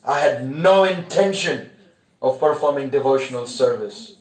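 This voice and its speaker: A man's voice: medium pitch, normal speed, a little mellow, natural voice. A man voicing a frightened male thief who begs and pleads in a raised voice, in a roomy space. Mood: humbled earnest. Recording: roomy echo.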